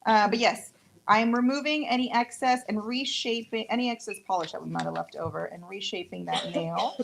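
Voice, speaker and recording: A woman's voice: medium pitch, steady tone, a little fast, creaky, slight background noise, rough recording. A woman with a Mexican accent, whose first language is Spanish, chatting and joking while she demonstrates nail tools live. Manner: chatty, joking, playful asides. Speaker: nail tech demonstrating products. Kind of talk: casual live product demo.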